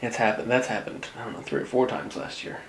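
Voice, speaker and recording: A man's voice: medium pitch, expressive, quick pace. A young man co-hosting a casual podcast chat, telling rambling, laid-back stories. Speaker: podcast co-host. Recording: roomy echo, faint ambient hum.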